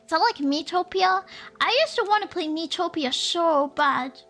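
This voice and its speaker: Very high-pitched, giggly young woman streamer. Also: normal speed, fairly bright tone. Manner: playful and giggly, rambling with restarts. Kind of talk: casual live-stream chat, reading chat aloud. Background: faint lofi music.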